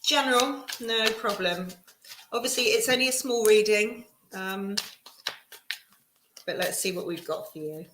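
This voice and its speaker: A woman's voice: medium pitch, measured pace, pauses often, noisy background. Chatty woman reading tarot cards. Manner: chatty, reassuring, many ums and restarts. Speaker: tarot reader. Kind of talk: live-stream tarot reading. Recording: echoey room.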